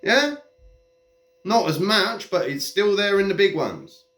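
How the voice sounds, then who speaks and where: A man's voice: sits high, sing-song, slow, a bit bright. A man delivering a heated, profane, mocking rant straight to camera. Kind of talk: ranting monologue. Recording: echoey room.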